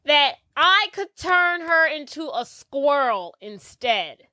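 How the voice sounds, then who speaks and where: A woman co-hosting a podcast, recapping a movie in casual, animated chat with quick asides and playful impressions. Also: high-pitched, slight background noise. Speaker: podcast co-host.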